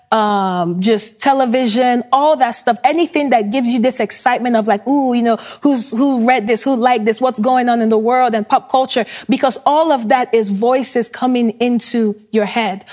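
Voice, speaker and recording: A woman's voice: on the high side, darkish tone. A woman preaching a sermon, earnest and urging, with casual conversational asides.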